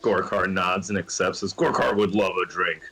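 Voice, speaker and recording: A man's voice: sits low, fairly even intonation, moderate pace, a bit bright, husky, rough recording. A man playing a tabletop game, describing his character's actions in a casual, matter-of-fact way. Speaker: player.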